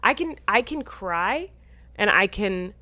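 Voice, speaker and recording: A woman in her thirties co-hosting a podcast, chatting in a giggly, animated way and bossing her partner through a silly challenge. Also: medium pitch, slow, dry recording. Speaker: podcast co-host. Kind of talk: casual chat.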